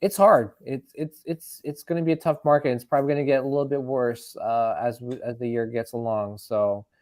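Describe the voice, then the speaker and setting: A man's voice: mid-range voice, brisk, no echo. A man hosting a podcast in casual chat, laughing often and talking loosely with fillers. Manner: laughing, animated, loose filler-heavy talk. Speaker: podcast host.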